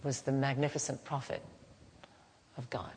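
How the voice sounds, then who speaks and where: A woman teaching in a gentle, unhurried, halting way, softly chanting at times, in a reverberant hall. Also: very deep voice, little pitch movement. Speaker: spiritual teacher. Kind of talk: devotional teaching talk. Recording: reverberant hall, faint background noise.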